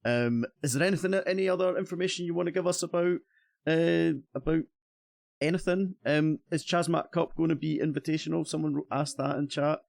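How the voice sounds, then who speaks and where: A man's voice: on the high side, steady tone, a little fast, gravelly, a little mellow, dry recording, clean studio sound. A man with a Scottish accent hosting a casual gaming stream, chatty and cheerful, often restarting his sentences. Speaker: streamer host.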